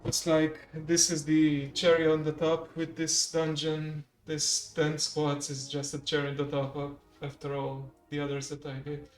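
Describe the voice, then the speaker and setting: A game streamer giving relaxed, rambling commentary while playing and chatting with viewers. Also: mid-range voice, unhurried, hardly any pauses, faint music behind. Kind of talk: casual gameplay commentary.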